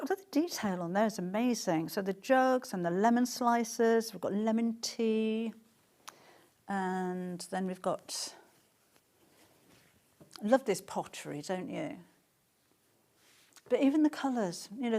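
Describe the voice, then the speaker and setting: A woman's voice: a little high, mellow. Chatty woman presenting fabric live. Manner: chatty, gushing, reads out viewer comments. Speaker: shopping channel presenter.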